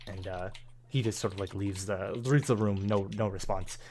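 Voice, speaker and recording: A man's voice: fairly low pitch, steady tone, moderate pace, a little mellow, slight background noise. A man narrating a tabletop game as game master, rambling with many fillers. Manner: rambling, full of fillers and hedges.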